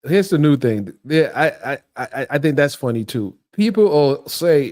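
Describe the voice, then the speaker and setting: Middle-aged male livestream host; animated, taunting delivery, lively pitch. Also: moderate pace, hardly any pauses. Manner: animated, mocking, laughs often, repeats himself. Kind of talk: casual livestream rant.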